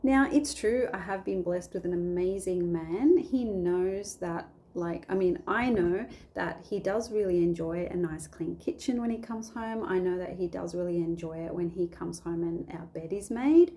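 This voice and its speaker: A woman who vlogs about faith chats casually at home about a Bible story, rambling, interrupting herself and restarting sentences often. Her voice is lowish and warm, at normal speed with few pauses.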